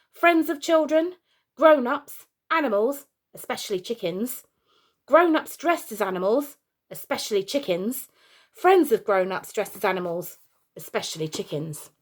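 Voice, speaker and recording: A woman voicing a bossy female shopkeeper who barks out a list of shop rules in a raised, higher voice. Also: expressive, measured pace. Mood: barking. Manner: loud, barked, higher-pitched.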